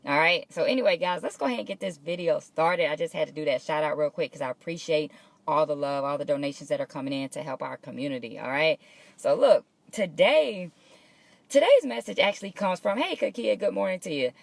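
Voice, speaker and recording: A woman hosts a live morning pep talk from her workplace, chatty and upbeat as she greets viewers by name. Her voice sits a little low with a gravelly edge, and the sound is dry and close. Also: lively intonation, brisk, no room sound. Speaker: host of a morning motivational live show. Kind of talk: casual motivational talk to a live audience.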